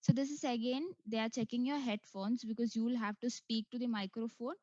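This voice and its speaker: A woman talks the viewer through each screen of an online test, filling pauses with "so" and "uh". Her voice sits fairly high. The recording is dry and close, and a little muffled and dull. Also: steady tone, a little mellow, no echo. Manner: step-by-step instructional, frequent "uh" and "so". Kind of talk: screen walkthrough tutorial.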